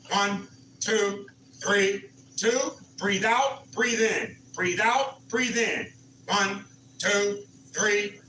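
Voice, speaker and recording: High-voiced man coaching a fitness class. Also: sharp tone, roomy sound, far from the mic, slight background noise, low-quality recording. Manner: counts reps and coaches encouragingly. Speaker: senior fitness instructor. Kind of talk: live exercise class instruction. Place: community center exercise room.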